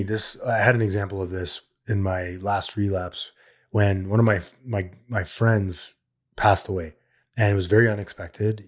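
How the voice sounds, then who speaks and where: Man, low-pitched, earnest, plain-spoken, solo podcast host, repeats key points. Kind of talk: solo recovery podcast monologue.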